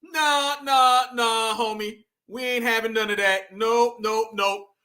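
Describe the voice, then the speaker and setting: High-voiced man ranting in commentary. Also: steady tone, slow, pushed and bright. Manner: mocking, preachy, emphatic with asides to viewers. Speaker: commentary host. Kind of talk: heated commentary monologue.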